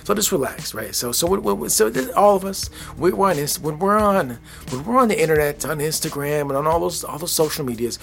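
A man's voice: a little high, animated, brisk, creaky, soft background music. Tired, rambling man podcasting at bedtime. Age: 40s. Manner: rambling, earnest, repeats words often. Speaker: podcast host. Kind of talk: casual solo podcast talk. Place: at home, relaxed. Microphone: podcast microphone.

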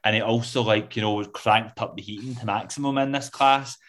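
A man's voice: on the low side, steady tone, normal speed, fairly bright tone. Man from the UK, casual interview guest, rambling with lots of fillers. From United Kingdom. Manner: rambling, many fillers like "like, you know". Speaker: guest author.

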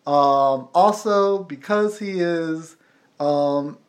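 A man's voice: a little high, very slow. An American man hosting a talk show, chatting casually and explaining things at length with a wry tone.

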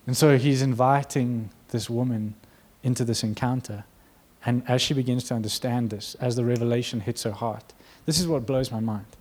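Animated man preaching a sermon. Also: mid-range voice, normal speed, hardly any pauses. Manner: animated storytelling, acts out quotes, laughs.

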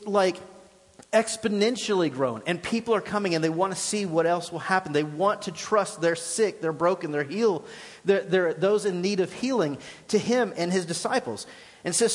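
A man with a high, bright-pitched voice delivers an animated sermon, acting out scripture passages with shifts in voice. His words ring out with a long reverb from a church sanctuary. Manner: animated preaching, paraphrasing scripture in lively voices. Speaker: pastor.

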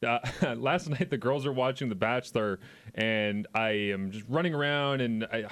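A middle-aged man with a Canadian accent co-hosting a sports talk radio show. He rambles through stories with easy, frequent laughter, in a voice of ordinary middle pitch. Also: moderate pace, a bit bright. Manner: laughs a lot, rambling storyteller. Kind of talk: casual radio banter. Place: radio studio.

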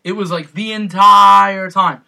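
A man's voice: high-pitched, unhurried, vocal fry. A young man in casual chat, telling stories with a lot of swearing and acted-out quotes. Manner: profane, animated storytelling with acted-out quotes.

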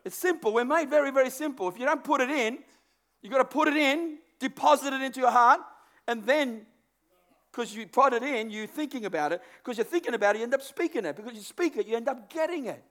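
A man preaching a sermon in an animated way, acting out inner thoughts and often repeating words as he goes. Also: very high-pitched, fast.

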